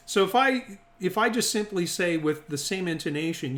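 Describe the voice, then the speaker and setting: A man's voice: a little high, animated, normal speed, few pauses, a bit bright. A man teaching a Bible study group, reasoning through the text aloud and often checking that the group is following. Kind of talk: interactive Bible lesson. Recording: echoey room.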